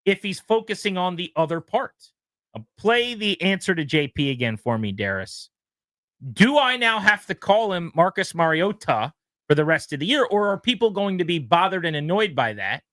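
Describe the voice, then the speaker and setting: A bright, high-ish man's voice bounces up and down as he hosts a sports talk show in a loose, chatty way. He talks quickly and likes to imitate the people he is talking about. The sound is close and dry, with no room in it. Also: no echo. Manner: animated, quick, fond of mimicking others. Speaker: sports radio host.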